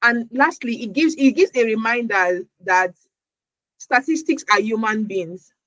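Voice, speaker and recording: A woman's voice: a little high, unhurried, a bit bright, no room sound, rough recording. A woman from Nigeria answering interview questions as a podcast guest, earnest, often repeating words as she searches for her phrasing.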